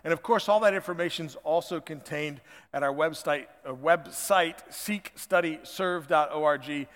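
A man's voice: fairly high pitch, unhurried, a bit bright. A man in his fifties with an American accent, preaching a chatty, conversational sermon from his church. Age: 50s. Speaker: pastor. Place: church sanctuary. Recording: long hall reverb.

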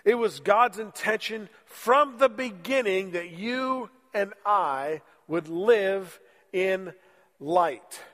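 A man's voice: sits high, expressive, takes it slowly, a bit bright, long reverb tail. A man preaching a sermon in church while fighting a cold, in a joking, conversational way. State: has a cold, voice lowered. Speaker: pastor. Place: church sanctuary.

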